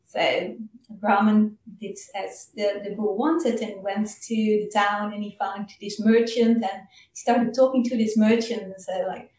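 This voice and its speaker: Woman giving a Dhamma talk, casual storytelling, mid-pitched, roomy echo, mic far off. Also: fairly even intonation, darkish tone, a little hiss or hum. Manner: casual, halting, many fillers. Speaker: Dhamma speaker.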